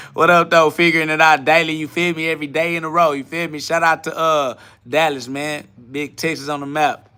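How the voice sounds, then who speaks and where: A man with a fairly high, sharp and forceful voice runs a live podcast from his garage. He answers the chat brashly and confrontationally, swearing freely as he goes. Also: little pitch movement, moderate pace, pauses often, clear, resonant tone. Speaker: livestream podcast host. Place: home garage.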